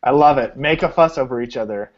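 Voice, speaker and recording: A man hosting a relaxed chat, joking and telling stories with lively energy. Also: medium pitch, quick pace. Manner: jokey, animated storyteller. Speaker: host. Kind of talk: casual chat. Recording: dull lo-fi sound.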